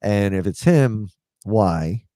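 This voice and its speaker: A man's voice: fairly low pitch, lively intonation, takes it slowly, dark tone, no room sound, studio quality. A man in his forties telling a personal story in a casual, rambling way, full of fillers, often acting out what people said. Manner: rambling, filler-heavy, drops into quoted dialogue.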